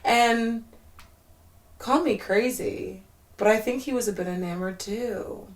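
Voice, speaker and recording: A woman's voice: on the high side, slow pace. A young woman rambling to herself in a casual solo vlog, candid and loose, full of "like" fillers, swearing freely and sometimes dropping to a near-whisper. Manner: rambling and candid, swearing often, with frequent "like" fillers and sudden laughs; drops to a near-whisper when reflective. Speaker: vlogger.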